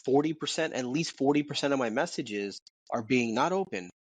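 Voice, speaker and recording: A man co-hosting a podcast from his home office, talking in an animated, casual way with repeats and swearing. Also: mid-range voice, a little fast, breathy edge. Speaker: podcast co-host. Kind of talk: casual chat.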